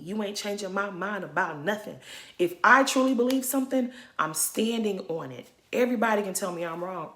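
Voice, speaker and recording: Sassy, lively woman vlogger. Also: medium pitch. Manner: sassy, gossipy, laughing often. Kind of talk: chatty reality TV recap. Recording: roomy echo.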